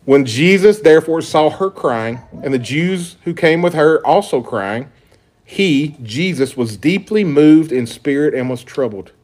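A pastor preaching an earnest sermon, reading scripture aloud with emphatic stresses. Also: male voice, fairly high pitch, lively intonation, a little slow, darkish tone.

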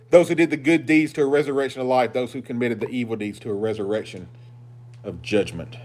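Here a man delivers a fast-paced sermon in a mid-range voice. He is emphatic, alternating between loud proclamations and hushed asides.

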